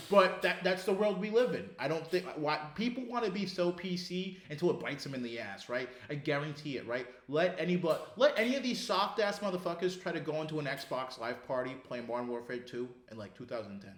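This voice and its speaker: In an echoey room, a male podcast co-host with a fairly high, animated voice talks a little fast with few pauses. His casual talk is profane ranting, peppered with laughter and impressions of other people.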